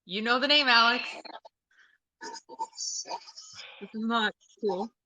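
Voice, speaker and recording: A woman hosting a live-streamed seance, listening to a spirit box and puzzling over faint messages in a hushed way. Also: fairly high pitch, huge pitch swings, slow, no echo. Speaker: host.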